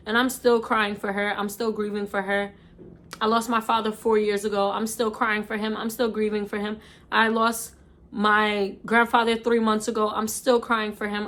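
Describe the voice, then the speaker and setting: A woman's voice: mid-range voice, fairly bright tone. Tearful young New York woman vlogging. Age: 20s. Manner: emotional, repetitive, heartfelt. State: crying. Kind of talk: casual chat.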